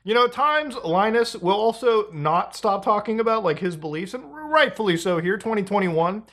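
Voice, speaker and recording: A male host talking through online drama in a loose, casual commentary style. His pitch swings widely as he gets worked up, and he laughs and swears freely along the way. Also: lively intonation, moderate pace, fairly bright tone.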